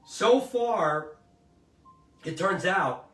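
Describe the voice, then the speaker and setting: A man's voice: sits high, animated, drawn-out words, fairly bright tone. Emphatic middle-aged man in an echoey room. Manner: emphatic, rambling storyteller who seeks agreement. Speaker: host of a commentary show. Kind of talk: casual opinion commentary. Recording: roomy, distant mic with faint music.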